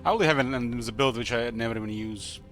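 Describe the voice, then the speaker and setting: A man's voice: mid-range voice, music in the background. A man streaming a video game live, chatting casually and rambling with lots of fillers. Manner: rambling, halting with many fillers. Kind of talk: casual live gaming commentary.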